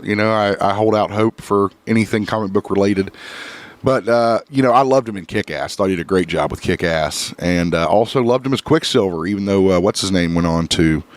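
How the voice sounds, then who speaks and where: A man's voice: low voice, brisk, no echo. A man hosting a casual podcast chat, laughing a lot and swearing loosely while fighting sinus trouble. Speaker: podcast host.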